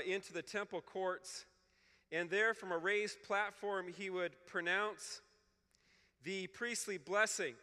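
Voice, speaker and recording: A man's voice: high voice, bright, forceful tone, smooth, long reverb tail. A man giving a teaching talk to clergy, explaining scripture, reading passages aloud and checking in with "okay?". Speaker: Bible scholar speaking at a clergy retreat.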